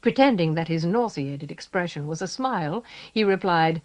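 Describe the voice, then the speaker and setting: Steady woman narrator reading an old cassette audiobook. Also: on the low side, moderate pace. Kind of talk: scripted narration.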